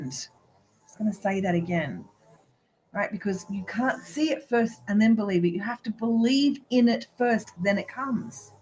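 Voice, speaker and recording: A woman's voice: medium pitch, animated, a little slow, a little mellow, slight background noise, poor audio. Emphatic woman coaching on a live video. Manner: emphatic and preachy, with a repeated "right?"; giggly, with frank swearing. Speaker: spiritual business coach.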